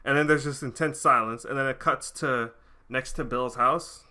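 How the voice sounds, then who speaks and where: A man's voice: medium pitch, fairly even intonation, moderate pace, bright, forceful tone. A young man hosting a reaction video, casually recapping episodes in a rambling way with many restarts and fillers.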